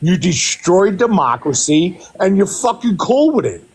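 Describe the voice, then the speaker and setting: Gruff, hostile man in his fifties. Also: sits high, sing-song, a little slow, darkish tone, slight background noise. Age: 50s. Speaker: caller. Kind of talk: angry call-in debate.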